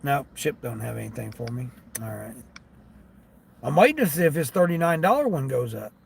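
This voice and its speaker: A man who drives for delivery apps, talking casually to his viewers from his car and grumbling as he thinks out loud about the orders he gets. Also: medium pitch, animated, a little fast, creaky, slightly rough. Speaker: gig delivery driver vlogger. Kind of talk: casual talk while driving. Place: inside a car.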